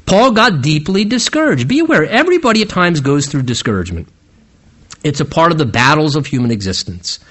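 A man's voice: on the high side, very animated, a little fast, fairly bright tone. A man preaching an expository sermon, retelling the story dramatically and asking the listeners rhetorical questions.

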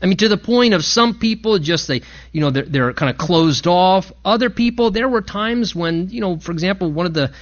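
A man preaching a sermon, impassioned and rising in pitch and volume to stress his points. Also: expressive, normal speed, hardly any pauses, muffled recording. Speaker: pastor.

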